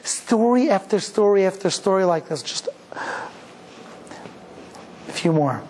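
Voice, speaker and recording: Animated man telling stories in a high voice. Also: a little slow, breathy edge. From United States. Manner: animated, acts out quoted dialogue. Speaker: rabbi lecturer. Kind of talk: storytelling lecture.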